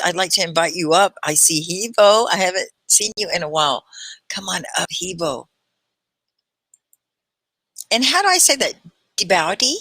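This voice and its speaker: A woman hosting a live online English class, greeting students warmly and praising them. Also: lowish voice, no echo. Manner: effusive, praising and welcoming; talks slowly at points for learners. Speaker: English teacher hosting a livestream.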